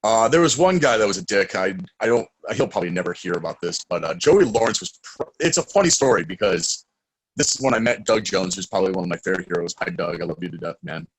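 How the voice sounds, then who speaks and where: A young man, a guest in a casual interview, telling stories excitedly and acting out quotes loudly. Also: low-pitched, fast, dry recording, rough recording.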